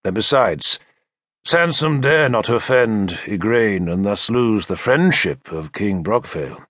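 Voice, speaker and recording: A man narrating an audiobook in the first person, with measured, expressive storytelling into a close studio mic. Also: on the low side, no room sound.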